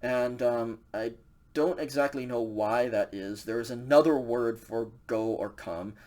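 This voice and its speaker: A man's voice: mid-range voice, a little slow, a little mellow. A man teaching a recorded language lecture over slides, explaining casually with many fillers and a frequent "okay" check.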